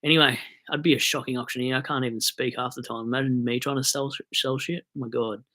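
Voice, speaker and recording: Young Australian male streamer, average pitch, bright edgy tone, wired and chatty, jokes as he goes. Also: level tone, quick pace. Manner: rambling, jokey, hyped on coffee. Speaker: fantasy football live streamer. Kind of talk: casual live stream chat.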